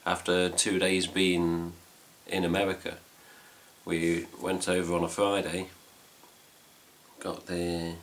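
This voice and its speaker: Speaking slowly in a low, completely flat voice, this middle-aged man from England hosts a fan news video at home among his cats. He rambles casually to camera with an English accent and drops in light swearing.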